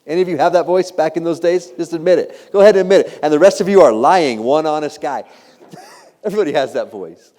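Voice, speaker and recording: A man in his thirties giving a humorous storytelling keynote, animated and self-deprecating, teasing the audience with questions. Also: fairly high pitch, fast. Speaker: keynote speaker. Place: large hall. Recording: long reverb of a large hall.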